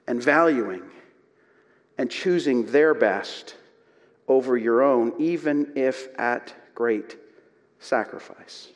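A man preaching a sermon as pastor, retelling a story slowly and dramatically with hushed emotional passages. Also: mid-range voice. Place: church sanctuary. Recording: long hall reverb.

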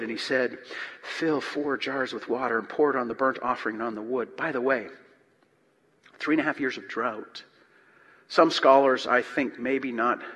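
A man preaching a sermon, reading scripture aloud and explaining it, swinging from loud emphatic reading to quiet asides. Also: medium pitch, husky. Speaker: pastor. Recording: long reverb of a large hall.

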